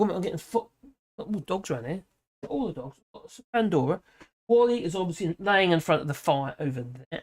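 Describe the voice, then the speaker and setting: A middle-aged woman from Britain hosting a casual livestream from home, rambling, laughing often and reading out viewer comments. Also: lowish voice. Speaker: livestream host. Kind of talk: casual political livestream chat. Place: home room with dogs.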